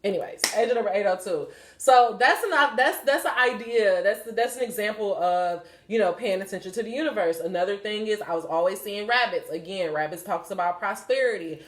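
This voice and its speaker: With a brisk, medium-pitched voice, this young podcast host chats openly about spiritual signs. She rambles and curses, filling her speech with fillers, and the room gives the recording an echo.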